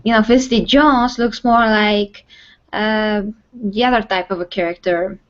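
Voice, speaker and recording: A woman co-hosting a casual movie chat, often pausing to search for words with many fillers. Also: mid-range voice, fairly even intonation, lo-fi sound. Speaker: co-host.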